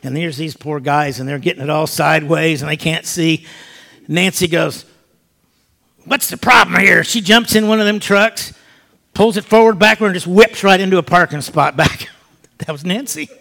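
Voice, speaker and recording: Animated older man telling a testimony. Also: a little high, normal speed, gravelly. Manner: animated storyteller who drops to soft, hushed tones. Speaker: speaker giving a personal testimony. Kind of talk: spoken testimony.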